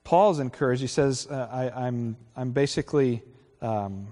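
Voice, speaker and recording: A man's voice: medium pitch, warm tone. Man preaching in an echoey hall. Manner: earnest, conversational preaching with pauses and self-corrections. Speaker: pastor. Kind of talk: sermon. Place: church sanctuary. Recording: reverberant hall.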